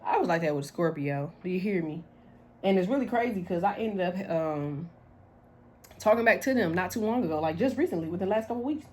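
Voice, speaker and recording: A woman's voice: fairly low pitch, expressive, brisk, darkish tone. A woman doing a casual tarot reading to camera, blunt and slangy, talking animatedly and laughing often. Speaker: tarot reader.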